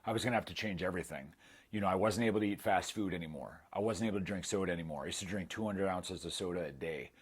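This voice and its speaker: Man in his thirties, low husky voice, candid testimonial with self-deprecating humor. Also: quick pace. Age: 30s. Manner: candid, self-mocking, acts out quoted dialogue. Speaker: former client giving a testimonial. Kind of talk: casual storytelling testimonial.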